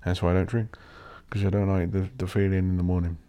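A man's voice: low voice, little pitch movement, quick pace, clear, resonant tone, lo-fi sound. A man hosting a solo podcast, rambling and ranting with plenty of swearing. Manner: swears a lot, rants and mocks posh voices. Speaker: podcast host.

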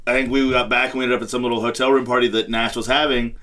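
A man co-hosting a podcast with a bright, forceful tone and a mid-pitched voice. He tells loose anecdotes in casual chat and swears freely. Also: level tone, racing. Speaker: podcast co-host.

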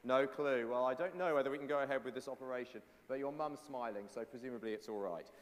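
A man's voice: mid-range voice, quick pace. A man preaching a sermon with a playful children's object lesson, acting out the voices of doubters. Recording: long echoey hall reverb.

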